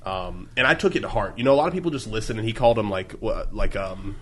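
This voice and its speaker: A man's voice: lowish voice, fast talker, slight background noise. Young man telling his business story. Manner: eager storyteller, many ums and likes. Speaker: podcast guest, store owner. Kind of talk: casual podcast chat.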